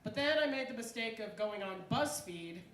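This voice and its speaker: A comedian doing an animated stand-up set at an open mic, acting out voices as she goes. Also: on the high side, normal speed. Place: club stage at open mic. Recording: echoey club room, faint noise.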